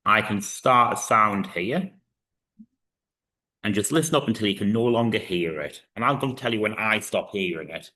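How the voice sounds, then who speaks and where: A man in his thirties with a very low voice talks through a recorded physics lesson. His tone is bright and forceful, and he explains each step with frequent fillers. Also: expressive, normal speed. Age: 30s. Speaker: physics teacher.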